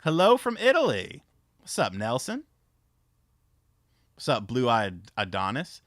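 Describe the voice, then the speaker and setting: Animated, profane streamer man. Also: mid-range voice, slow, dry recording, studio quality. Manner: rambling, profane, frequent fillers. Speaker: livestream host. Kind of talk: casual stream chat and storytelling.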